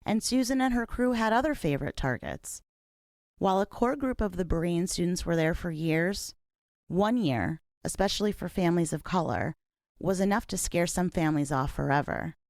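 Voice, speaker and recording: Female podcast host, low voice, steady serious narration, dry studio read. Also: dry recording. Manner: measured, serious reading. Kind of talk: scripted documentary narration.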